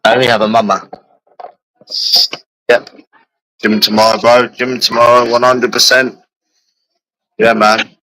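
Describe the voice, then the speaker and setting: A man's voice: mid-range voice, flat delivery, a little slow, long pauses, bright, forceful tone, rough recording. A young man, chatting casually with friends in repetitive, laughing, slangy banter. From London. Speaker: streamer.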